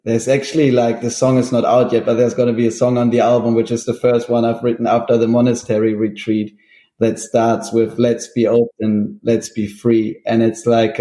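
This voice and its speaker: A man's voice: medium pitch, roomy sound. A man, a guest on an interview show, who chats casually and laughs often. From Germany. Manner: laughs often, relaxed with many fillers. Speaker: guest musician.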